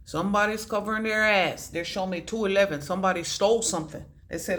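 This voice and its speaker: A woman giving a casual psychic reading to camera, rambling from one thought to the next, swearing casually and slowing down to stress key words. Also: mid-range voice, fairly bright tone, slight background noise. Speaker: intuitive reader.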